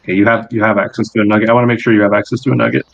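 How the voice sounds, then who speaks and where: A man serving as game master, narrating a tabletop game in an animated, rambling way. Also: on the low side, very fast, creaky, dull audio.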